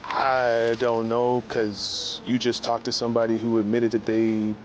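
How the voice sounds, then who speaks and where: An actor playing a hesitant young man who speaks haltingly, with fillers. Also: medium pitch, monotone, lo-fi sound, slight background noise, lightly acted. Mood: uneasy. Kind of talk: film acting, naturalistic dialogue.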